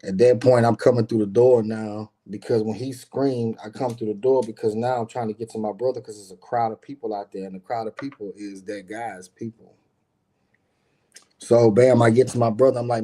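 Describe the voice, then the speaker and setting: A man telling a tense personal story in casual talk, animated, acting out quotes, with many fillers and swearing. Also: medium pitch, fairly quick. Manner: animated, acts out quotes, frequent fillers and profanity.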